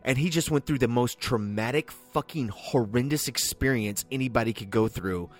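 A man's voice: mid-range voice, moderate pace, faint music behind. A man co-hosting a podcast who talks through a film in a casual, rambling way, swearing heavily and getting emphatic. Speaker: podcast co-host.

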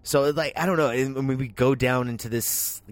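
A man's voice: mid-range voice, fairly even intonation, moderate pace, no room sound. A man co-hosting a podcast who talks through a film in a casual, rambling way, swearing heavily and getting emphatic. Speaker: podcast co-host.

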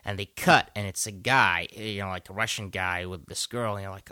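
A man from Jordan co-hosting a podcast, telling film stories in a loose, profane, animated way and acting out the lines. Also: deep voice, moderate pace, dry recording, clean studio sound. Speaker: podcast co-host. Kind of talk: casual chat.

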